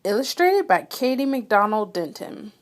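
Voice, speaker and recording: A woman reading a children's picture book aloud with expressive, dramatic storytelling. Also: mid-range voice, a little slow. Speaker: read-aloud reader.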